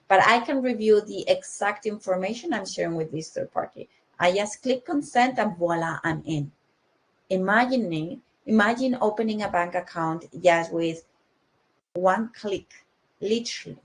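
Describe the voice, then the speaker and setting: A young adult woman with a cold, giving a conference talk on technology, explaining with frequent fillers and restarts. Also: mid-range voice. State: has a cold. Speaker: conference speaker.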